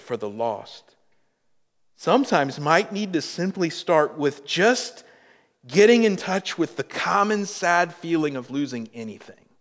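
A man preaching a sermon as a pastor, slow and emphatic, swelling in volume on key points. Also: fairly high pitch, a bit bright, long reverb tail.

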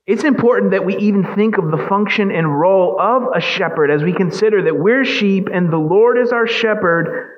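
A man's voice: high voice, normal speed, hardly any pauses, lo-fi sound. A man preaching a sermon as pastor, emphatic and asking the congregation questions.

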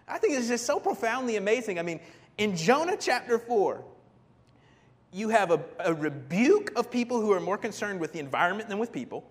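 A man preaching a sermon, animated, acting out the people in the story with big jumps in his voice. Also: brisk, in a large hall. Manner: animated, acts out voices of biblical figures with big pitch jumps.

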